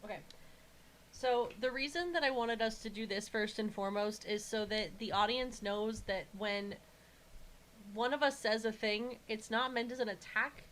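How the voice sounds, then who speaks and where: A woman co-hosting a casual podcast chat, rambling quickly and laughing often. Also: on the high side, a bit bright, slight background noise, rough recording. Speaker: podcast co-host.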